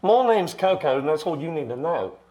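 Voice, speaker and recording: A menacing male Yeti with a London accent, as a man puts him on for a comedy podcast. He talks in a high voice that leaps up and down wildly, swearing and calling everyone mate. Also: expressive, brisk, a little mellow, lightly acted. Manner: threatening, swearing, calls people mate. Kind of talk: improvised comedy podcast bit.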